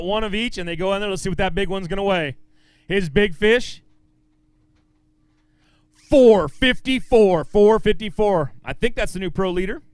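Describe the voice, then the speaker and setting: Upbeat high-voiced male weigh-in announcer. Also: fairly bright tone, smooth, no echo. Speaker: tournament weigh-in emcee. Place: outdoor fishing tournament weigh-in stage.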